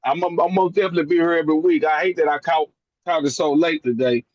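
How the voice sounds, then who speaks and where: A man's voice: fairly high pitch, fairly even intonation, quick pace, lo-fi sound. A man calling in from inside his truck, talking earnestly and often stammering and repeating words. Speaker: call participant. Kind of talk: casual call-in talk. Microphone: online call.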